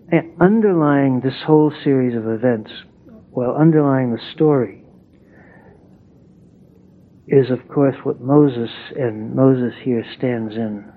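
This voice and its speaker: A man gives a slow, reflective spiritual talk, weighing his words between pauses. His voice is mid-pitched and sounds thin, with a narrow phone-like tone. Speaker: satsang speaker.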